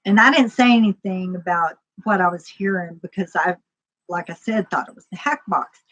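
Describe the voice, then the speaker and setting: A woman's voice: lowish voice, normal speed, fairly bright tone, low-quality recording. A woman casually telling a personal story, rambling, with lots of fillers and acted-out dialogue.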